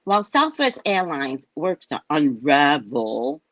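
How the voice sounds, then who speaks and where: A woman's voice: deep voice, very animated, moderate pace, no room sound, highs cut off. An older woman hosting a psychic show, reading the news aloud and bluntly mocking it with profanity in a casual rant. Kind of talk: casual live-stream rant.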